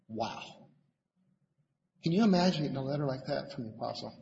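Halting male lay preacher in a reverberant hall. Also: medium pitch, animated, vocal fry, a little mellow. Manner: conversational, halting, repeats words while searching for them. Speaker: lay preacher at a Bible study meeting. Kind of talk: informal sermon. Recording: lo-fi with long hall reverb, faint noise.

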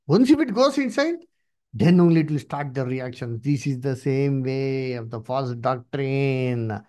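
A man preaching at a Bible study, emphatic and repetitive, swinging his pitch up and down. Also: lively intonation, moderate pace, dark tone. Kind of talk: sermon with Bible reading.

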